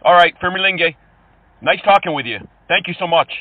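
A man making prank phone calls to scammers, mocking and insulting them, switching from fake politeness to yelling. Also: high-pitched, lively intonation, a little fast, a little hiss or hum. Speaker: scam-baiting prank caller. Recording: tinny phone-call audio.

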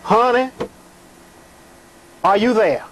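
A man's voice: high-pitched, takes it slowly, fairly bright tone, a little hiss or hum, low-quality recording. A man hosting a live call-in show, talking in a theatrical, preachy way and calling callers "honey".

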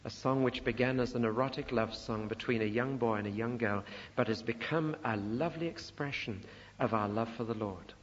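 A man's voice: medium pitch, normal speed. An older man giving a Bible teaching sermon, emphatic and rising sharply on rhetorical questions. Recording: muffled recording in a reverberant hall.

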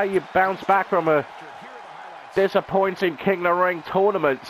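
A man's voice: sits high, fairly even intonation, moderate pace, background noise. A man, a gaming channel host, calling a video game wrestling match play-by-play in a dramatic announcer style with rhetorical questions.

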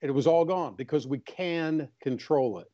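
A man's voice: a little high, moderate pace, warm tone, lo-fi sound. An older man, an author talking earnestly in a casual interview and acting out small anecdotes. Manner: earnest, storytelling, acts out voices in anecdotes. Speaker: author and guest.

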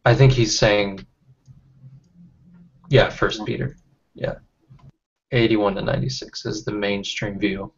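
A man leading a casual online study group, reading out chat comments and talking with halting restarts over a video call. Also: on the low side, fairly even intonation, creaky, husky. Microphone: computer mic on video call. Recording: dull lo-fi call audio.

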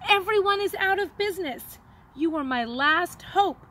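A woman voicing a desperate barefoot village man who pleads in a high, tearful voice. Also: lively intonation, moderate pace, a bit bright, a little hiss or hum.

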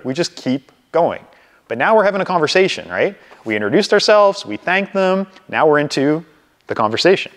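A man leading a live sales training session for a group, coaching in an energetic way and acting out phone calls. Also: fairly high pitch, big-room sound. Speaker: real estate sales trainer.

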